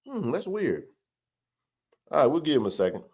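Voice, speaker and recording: A man's voice: a little high, sing-song, moderate pace, husky. A man hosting a live sports chat stream, joking loosely and greeting viewers by name.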